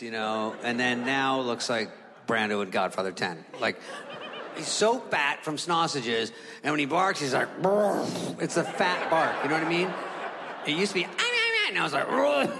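A male stand-up comedian telling stories on stage, acting out the people and animals in them and swearing freely, with sudden high squeaks and low mutters. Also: lively intonation, normal speed, noisy background. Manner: acts out voices of the people and animals in his stories. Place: stage in a large venue. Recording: live hall recording with audience.

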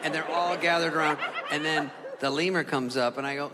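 A male stand-up comedian telling stories on stage, acting out the people and animals in them and swearing freely, with sudden high squeaks and low mutters. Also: a little fast, few pauses, a crowd in the background, noisy background. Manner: acts out voices of the people and animals in his stories. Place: stage in a large venue. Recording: live hall recording with audience.

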